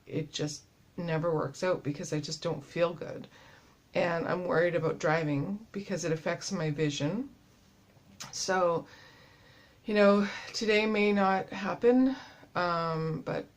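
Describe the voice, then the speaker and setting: A woman in her thirties talks straight to her viewers in a casual video diary. Her voice sits a little low, and she sounds winded and run down. She speaks haltingly, with frequent pauses and fillers. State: winded, tired from illness. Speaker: vlogger.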